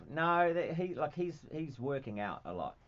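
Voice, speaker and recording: A man with a New Zealand accent, a guest on a radio talk show, answering in a deadpan, dryly joking way with hesitant ums. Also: a little high, normal speed. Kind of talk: casual radio interview chat. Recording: slightly muffled broadcast audio.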